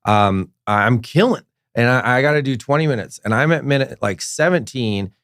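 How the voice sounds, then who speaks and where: A man's voice: medium pitch, normal speed, no room sound, clean studio sound. A man from Minnesota who is a guest comedian, telling stories in a casual podcast chat and acting out the voices of the people in them. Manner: animated storyteller acting out quoted voices.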